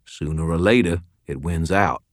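Give me a gruff old wizard mentor, voiced by a man reading an audiobook, blunt and drawling as he lectures his former pupil. The voice sits somewhat above the reader's own deep register, with a stern, folksy edge. The recording is dry and close. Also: normal speed, no echo, natural voice. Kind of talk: audiobook character voice.

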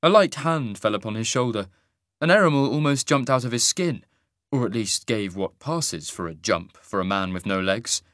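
A man narrating a fantasy audiobook in a measured, wry manner. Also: medium pitch, expressive, fairly bright tone, no echo, clean studio sound.

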